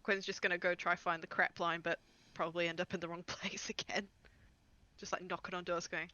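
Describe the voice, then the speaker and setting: A man's voice: sits high, flat delivery, a little fast, pushed and bright, dry recording, lo-fi sound. A man playing a tabletop game, flustered and sheepish in character. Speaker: player.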